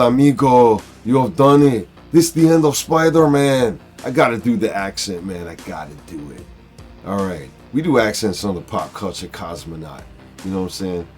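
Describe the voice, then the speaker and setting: A man hosting a casual comic book review, talking in a halting way with many fillers. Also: on the low side. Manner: halting, full of uh and um. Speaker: comic book video host.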